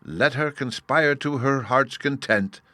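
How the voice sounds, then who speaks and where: A man voicing a cunning chancellor who speaks in a sly, hushed way. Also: mid-range voice, measured pace, dry recording, voice pushed up. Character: cunning, scheming male chancellor.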